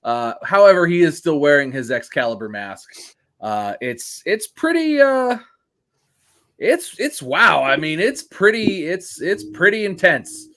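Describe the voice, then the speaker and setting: Lively, joking podcast co-host man. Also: on the high side, a little slow. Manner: jokey, laughs often, chatty. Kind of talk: casual chat.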